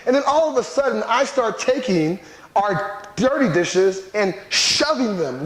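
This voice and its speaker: A man telling a lively personal story, repeating a running catchphrase for effect. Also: sits high. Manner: animated, repeats a catchphrase for laughs. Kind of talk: storytelling talk. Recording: echoey room.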